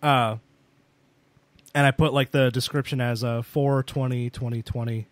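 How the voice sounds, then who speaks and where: A man's voice: medium pitch, fairly even intonation, normal speed, no room sound. A young man casually telling rambling anecdotes with lots of fillers as a podcast co-host. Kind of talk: casual storytelling chat.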